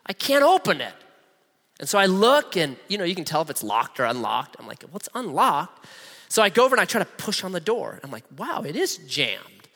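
Lively high-voiced preacher in a hall. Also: male voice, fast, creaky. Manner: animated, humorous, acts out voices. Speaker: pastor. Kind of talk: sermon with personal storytelling. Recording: long reverb of a large hall.

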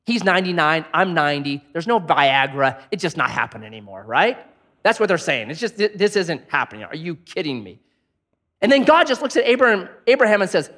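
A male pastor delivering a sermon with a fairly high voice that swoops up and down expressively. He keeps it loose and conversational, cracking jokes between scripture readings. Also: normal speed. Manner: animated, joking, conversational.

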